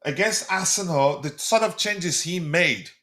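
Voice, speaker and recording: Bright-voiced South African man hosting a stream. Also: on the high side, measured pace. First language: a South African language other than English. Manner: chatty, reads viewer comments aloud and answers them. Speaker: livestream host. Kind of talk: live football debate stream.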